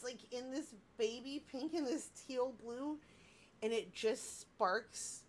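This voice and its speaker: A woman in her thirties, a vlogger gushing and rambling in casual chat about handmade gifts she received. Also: a little high.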